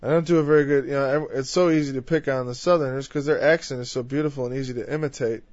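A man preaching a conversational Bible-teaching sermon. He is emphatic, builds louder through lists and drops in frequent "you know" asides. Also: medium pitch, fairly even intonation, quick pace, dry recording. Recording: dull, dry lo-fi recording.

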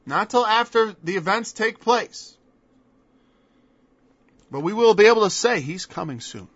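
Male preacher, high bright voice, emphatic and mocking sermon delivery, dry dull lo-fi recording. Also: lively intonation, a little slow, no echo. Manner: emphatic, mocking rhetorical questions.

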